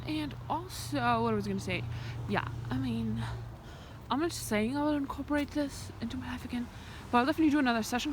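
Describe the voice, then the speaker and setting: Young-sounding woman, fairly high voice, musing to a handheld camera on a hike, slips into whispers, faint birdsong and wind around her. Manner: rambling, thinking aloud, often drops to a whisper. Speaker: vlogger. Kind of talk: reflective walking vlog. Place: outdoors in the countryside by a fence. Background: birds and sheep in the open air.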